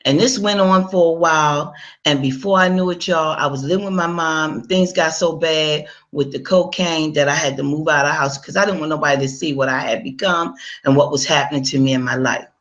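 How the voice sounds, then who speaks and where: A woman's voice: deep voice, brisk, fairly bright tone, highs cut off. A woman giving a personal testimony in a conversational storytelling manner, speaking straight to her listeners and acting out her own past dialogue.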